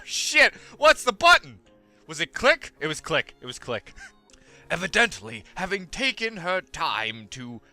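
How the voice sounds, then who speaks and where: Young guy yelling and goofing through a game, bright voice, super lively, dry close mic. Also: fairly high pitch, dry recording. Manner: hyper, goofy, exclamatory. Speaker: gaming YouTuber. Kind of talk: let's play commentary.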